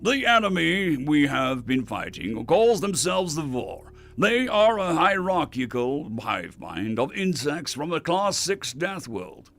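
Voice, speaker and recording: A man voicing a calm, confident male human ambassador in a storybook reading. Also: a little high, soft background music, pitched above the performer's own voice. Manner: calm, measured.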